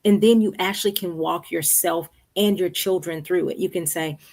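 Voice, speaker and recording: A middle-aged woman with a lowish voice, speaking as a counselor on a livestream Q&A. She talks conversationally and keeps checking in with her listeners. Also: steady tone, normal speed, a little mellow. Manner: conversational, checks in with "right?" and "okay". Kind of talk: live-streamed Q&A advice. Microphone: streaming setup.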